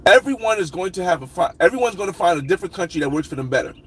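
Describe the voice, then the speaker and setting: A man hosting a casual livestream, reading viewer comments and rambling through his thoughts with loud shout-outs. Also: high voice, lively intonation, rapid-fire, husky, poor audio. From United States. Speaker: livestream host.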